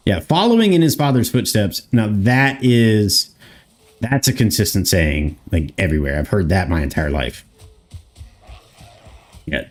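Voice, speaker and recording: American guy around 30 streaming a game, lowish voice, rambles at chat and swears a bit. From United States. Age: 30s. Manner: rambling, talks back to chat, swears casually. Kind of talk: casual gameplay commentary reading chat.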